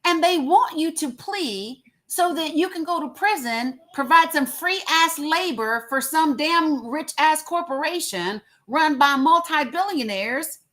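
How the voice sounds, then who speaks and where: A woman's voice: high-pitched, lively intonation, measured pace, few pauses, fairly bright tone. A woman hosting a casual livestream, talking emphatically and repeating words for effect. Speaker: livestream host. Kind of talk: casual live commentary.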